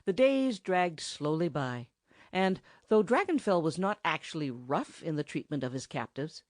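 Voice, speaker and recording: A woman reading a children's storybook aloud in an expressive narrating style. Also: sits low, normal speed, no room sound, clean studio sound. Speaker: audiobook narrator.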